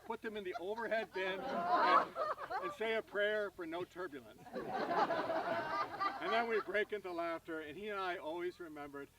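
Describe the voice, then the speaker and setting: A man giving a tribute at an outdoor gathering, telling a lively anecdote and acting out the people in it. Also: high-pitched, normal speed, creaky, very noisy. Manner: animated anecdote, acting out voices. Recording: voice from far off the mic.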